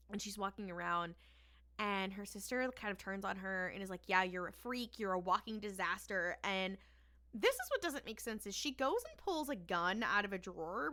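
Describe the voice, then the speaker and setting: A woman's voice: mid-range voice, brisk. A woman co-hosting a podcast, casually recapping a TV episode with frequent laughter and free swearing. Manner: laughs often, swears freely, animated retelling. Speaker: podcast co-host.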